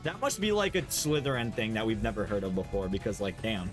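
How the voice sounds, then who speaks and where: A man's voice: lowish voice, a little fast, over music. A man playing a game while chatting, swearing a lot and laughing through his frustration. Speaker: player. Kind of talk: comedic gameplay chat.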